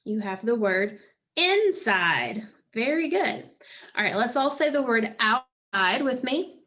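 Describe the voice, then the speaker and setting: A woman teaching a phonics lesson, prompting children patiently and pausing for their answers. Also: fairly high pitch, sing-song, bright, forceful tone.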